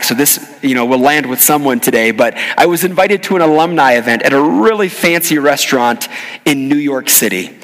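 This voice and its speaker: A male pastor giving a sermon, earnest and animated, telling a personal story. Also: a little high, in a large hall, poor audio.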